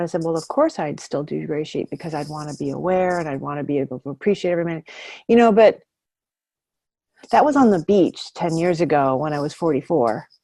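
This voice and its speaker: A woman's voice: lowish voice, warm tone, dry recording. A woman in her fifties giving a candid, emotional share at a support meeting over a video call. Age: 50s. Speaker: meeting member sharing. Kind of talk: twelve-step share.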